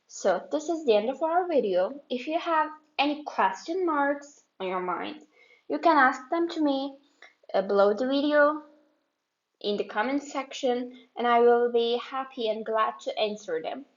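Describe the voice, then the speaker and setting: A woman teaching an English grammar lesson, explaining step by step with repeated examples and short pauses. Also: high-pitched, lively intonation. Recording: slightly dull lo-fi audio.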